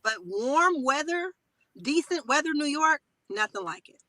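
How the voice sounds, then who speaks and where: A woman's voice: high voice, lively intonation, measured pace, crowd noise, low-quality recording. A woman comedian guest chatting playfully from her car on a headset, laughing often. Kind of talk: casual chat over a video call.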